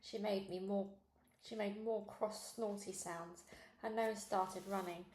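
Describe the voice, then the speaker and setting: A woman reading a children's novel aloud in steady, clear narration. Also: mid-range voice, a little slow, reverberant. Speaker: storybook reader.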